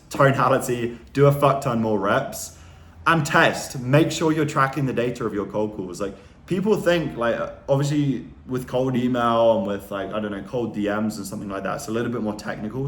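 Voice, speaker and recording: A young man giving a casual sales lesson, talking energetically and emphatically, often ending points with a quick tag question. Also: fairly low pitch. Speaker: sales coach. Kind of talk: casual instructional talk to camera. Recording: echoey room with faint background hiss.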